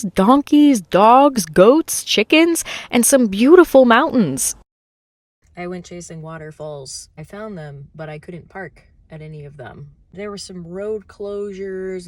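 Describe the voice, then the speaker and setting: A woman's voice: on the low side, darkish tone. A woman chatting through a casual travel vlog in an enthusiastic, chatty way. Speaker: travel vlogger.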